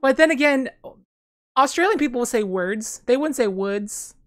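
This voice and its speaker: A woman casually commenting on her own card game as she plays, thinking aloud with sudden bursts of excitement. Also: high voice, moderate pace, faint music behind. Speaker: gameplay streamer.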